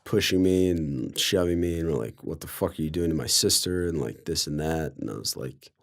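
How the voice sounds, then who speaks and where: Very deep-voiced young man rambling. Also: lively intonation, brisk, creaky. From Colorado. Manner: rambling, filler-heavy, sarcastic. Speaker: guest storyteller. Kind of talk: casual storytelling.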